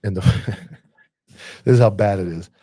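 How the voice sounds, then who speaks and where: Low-voiced man telling cop stories. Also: normal speed, no room sound, clean studio sound. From Florida. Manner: swearing, animated war stories with acted quotes. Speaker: podcast host and police officer. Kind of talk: casual storytelling chat.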